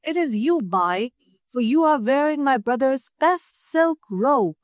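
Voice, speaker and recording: Anarchus, a woman voicing a clever calm girl. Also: high-pitched, a little slow, no room sound, studio quality. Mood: composed. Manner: composed, polite, quietly cunning. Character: clever poor young woman, calm and witty. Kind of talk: storybook narration.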